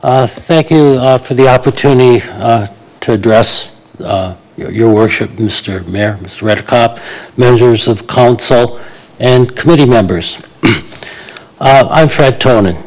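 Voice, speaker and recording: An elderly man in his eighties speaks to a council meeting with blunt indignation. He hesitates with frequent fillers, and his voice sits at a middling pitch. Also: a little slow, darkish tone, low-quality recording. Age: 80s. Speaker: resident speaking at a public meeting. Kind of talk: public delegation to council.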